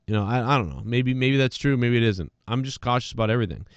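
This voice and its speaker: Dude rambling and cussing on his podcast, stuffy from allergies, smooth tone, dry dull mic. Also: mid-range voice, animated, fast talker, no echo. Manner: profane, rambling, sarcastic. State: congested from allergies. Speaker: podcast host. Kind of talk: casual solo rant.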